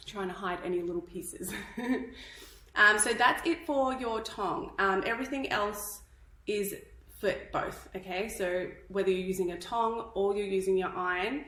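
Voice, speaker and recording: A woman's voice: mid-range voice, a little slow, a bit bright, roomy sound, rough recording. A woman from Australia teaching hairstyling in a live tutorial, chatty and instructive, a little out of breath. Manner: chatty, instructive, checks in with "okay?". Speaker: hairdressing educator.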